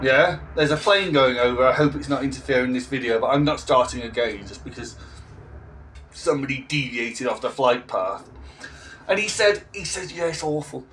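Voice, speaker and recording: A man's voice: medium pitch, lively intonation, normal speed, a bit bright, a little hiss or hum. A man in his forties, a language teacher, ranting in a blunt, sarcastic vlog monologue with an English accent. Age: 40s.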